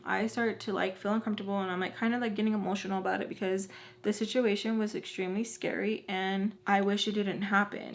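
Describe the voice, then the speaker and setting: Give me a young woman telling a dramatic storytime, casual and animated, with faint background noise. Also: medium pitch. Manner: animated, acts out quotes, swears freely. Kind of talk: casual storytime while doing makeup.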